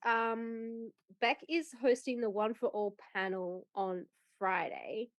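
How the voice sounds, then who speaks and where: A woman co-hosting a podcast, speaking in relaxed casual chat. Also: fairly high pitch, slow pace, dry recording. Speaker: podcast co-host.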